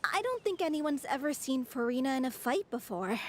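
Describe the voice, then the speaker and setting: A woman's voice: high voice, very animated, a little fast, slight background noise. A playful, teasing young woman.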